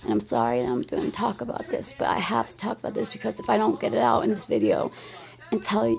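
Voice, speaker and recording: A woman's voice: medium pitch, sing-song, quick pace, creaky, darkish tone. A woman in her thirties from the United States, talking anxiously and rambling in an emotional vlog response, with many restarts. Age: 30s.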